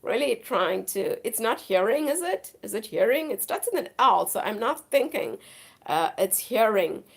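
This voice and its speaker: A woman's voice: fairly high pitch, very animated, normal speed, vocal fry, breathy edge. A woman hosting a live stream, chatting casually with viewers and rambling on in an effusive, repetitive way, her voice worn from the flu. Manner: rambling, effusive, repeats herself.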